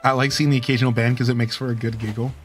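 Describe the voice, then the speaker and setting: A man's voice: medium pitch, flat delivery, rapid-fire, soft background music. A man live-streaming in a casual, chatty way, talking straight to his viewers. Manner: laid-back, chatty, addresses viewers directly.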